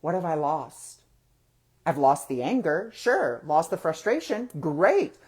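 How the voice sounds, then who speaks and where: Guy hosting a spiritual chat, talks casual, throws out questions to the listener, bit low and soft for a guy's voice? no, just easy and chatty. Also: big pitch swings, slow pace, breathy edge. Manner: conversational, asks rhetorical questions and acts out quoted thoughts. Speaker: host of a spiritual discussion.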